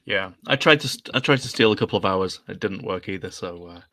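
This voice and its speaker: A man's voice: deep voice, fast, sharp tone, no echo, studio quality. A man co-hosting a late-night live stream, teasing and giggling often. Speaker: stream co-host. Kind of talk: casual late-night riffing chat.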